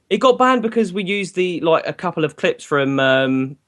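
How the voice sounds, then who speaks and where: A man's voice: fairly high pitch, big pitch swings, normal speed, fairly bright tone. A man hosting a casual podcast, bantering and laughing with friends. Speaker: podcast host. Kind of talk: casual group chat.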